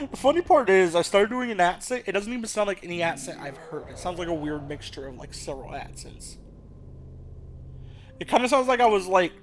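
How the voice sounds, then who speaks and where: A man's voice: on the high side, a bit bright, a little hiss or hum. A man hosting a let's play, rambling casually and thinking aloud, with the odd swear. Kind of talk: rambling gameplay commentary.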